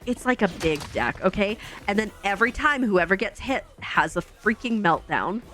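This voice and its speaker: A woman's voice: mid-range voice, fairly bright tone. A woman streamer telling a long family story in casual, chatty talk full of fillers.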